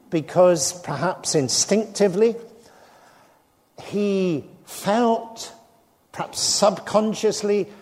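A man's voice: high voice, darkish tone. An older man preaching a sermon earnestly, acting out the voices in the stories he tells. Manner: earnest, acts out quoted dialogue. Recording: reverberant hall.

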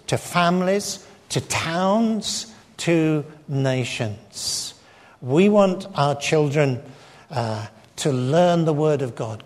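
An English man delivers a sermon in a high, unhurried voice. He is emphatic and turns to address the children directly. The hall gives his words a long, ringing reverb. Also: a little mellow. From England. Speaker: preacher. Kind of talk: sermon with slides.

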